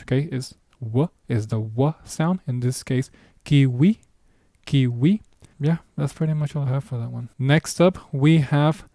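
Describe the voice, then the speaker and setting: A man's voice: medium pitch, mellow, dry recording, clean studio sound. A man teaching a beginner language lesson, explaining patiently in a casual way with small asides. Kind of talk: recorded online lesson.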